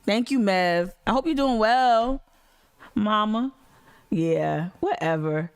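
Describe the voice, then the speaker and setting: A woman's voice: mid-range voice, expressive, takes it slowly, clear, resonant tone, dry recording. Blunt woman ranting, dry sound. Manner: blunt, sarcastic, profane. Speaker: livestream host. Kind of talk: heated commentary reacting to clips.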